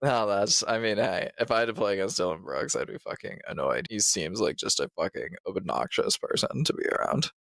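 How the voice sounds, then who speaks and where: A man's voice: fairly low pitch, animated, brisk, vocal fry, few pauses, fairly bright tone, dry recording. A man co-hosting a podcast in casual chat, blunt, sarcastic and profane. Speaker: podcast co-host.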